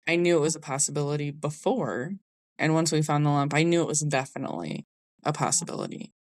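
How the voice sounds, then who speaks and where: This young adult podcast host talks fast in a deep voice, recounting a personal story in an open, conversational way complete with a Southern "y'all." There's no room sound in the recording.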